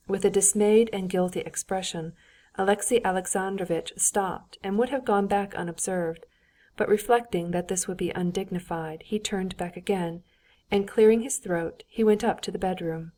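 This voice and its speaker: A woman narrating a classic novel as an audiobook in an even, measured storytelling manner. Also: mid-range voice. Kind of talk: scripted narration.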